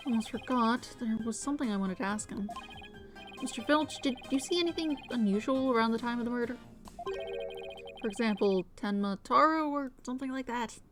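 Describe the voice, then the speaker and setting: An earnest young male defense lawyer pressing a witness, read by a woman. He is blunt and quickly exasperated. The voice sits fairly high, with faint music in the background. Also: close to an everyday voice.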